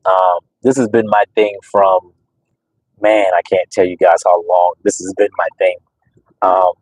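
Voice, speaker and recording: A lower-pitched man talking straight to his viewers in a casual livestream. He is emphatic and a bit preachy, circles back on his points, and fills the gaps with ums. The sound is dry and close, with no room around it. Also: a little mellow, no echo, poor audio. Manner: emphatic, preachy, repeats himself with many fillers. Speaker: dog breeder and channel host.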